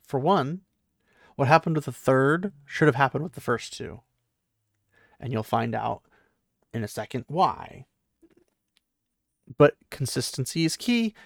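A man with a gravelly, creaky voice chats his way through a book recap, rambling and peppering everything with "like." He slips into quick impressions of the characters as he goes. The sound is dry and close, with no room around it. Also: medium pitch, dry recording. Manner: rambling, heavy use of "like", acts out characters' lines. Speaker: book discussion host. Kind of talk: casual book recap and commentary.

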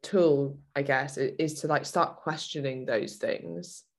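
A woman's voice: rumbling low, fairly even intonation, measured pace. A woman from the UK co-hosting a fitness podcast, chatting casually with lots of filler words. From United Kingdom. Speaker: podcast co-host, fitness coach.

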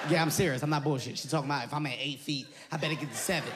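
A male comedian telling a story on stage, animated and breaking into shouted quotes. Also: fairly high pitch, fast, noisy background. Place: comedy stage before an audience.

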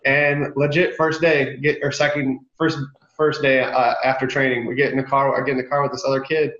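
A man's voice: mid-range voice, a little fast, echoey room, dull audio. A man in his thirties from Michigan, a sales guest telling stories in a casual podcast interview and acting out the quotes. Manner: animated storyteller, acts out quotes.

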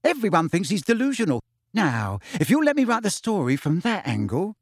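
A sneering, cold-voiced gossip reporter, a middle-aged woman hungry for a scandal, as a man puts her on in a raised, bright register. She talks in a clipped, businesslike, withering way, and the reading is close and dry. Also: high voice, wildly swooping pitch, fairly quick, breathy edge, no room sound, voice pushed up, full character voice. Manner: cold, scornful, cackling.

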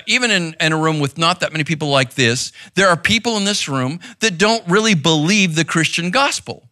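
Bright-voiced male pastor preaching conversationally. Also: sits high, no room sound, clean studio sound. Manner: conversational, intense, frequent "right?" asides. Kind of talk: sermon. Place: church room, seated on a stool.

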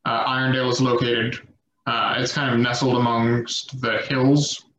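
A man narrating as game master in a relaxed, rambling way with many fillers. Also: mid-range voice, normal speed, slight background noise. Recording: echoey lo-fi room recording.

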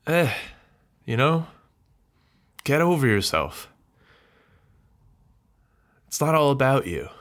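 A man's voice: medium pitch, sing-song, takes it slowly, pauses often. A man hosting a solo podcast, talking in a bitter, rambling, self-mocking rant with swearing. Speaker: podcast host.

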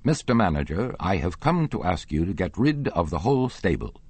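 A man's voice: sits low, very animated, moderate pace, slightly rough, no echo, pitched above the performer's own voice, full character voice. A man voicing an irritable middle-aged riding master, speaking insistently and indignantly.

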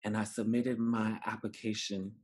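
A man from New York City with a low, slightly husky voice tells a personal story as a podcast guest. He is animated and acts out the dialogue of the people in his story. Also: moderate pace. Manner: animated, acts out dialogue, laughs while telling.

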